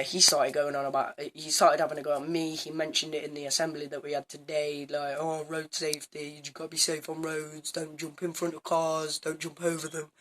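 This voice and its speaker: A teenage boy telling a story to camera in a casual vlog, animated and swearing, acting out both sides of an argument. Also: on the high side. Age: teens. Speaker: student vlogger.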